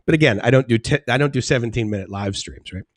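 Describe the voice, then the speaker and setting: A man's voice: medium pitch, quick pace, no echo, clean studio sound. A man hosting a casual live stream, chatting in a rambling way and laughing often as he reads out chat comments.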